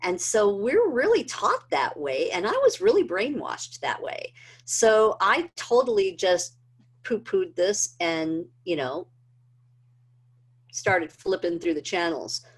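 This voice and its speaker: A woman's voice: mid-range voice, big pitch swings, slow, breathy edge. A middle-aged woman earnestly telling a personal story, with many fillers and rising emotion. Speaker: presenter of a health training video. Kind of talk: personal testimony talk.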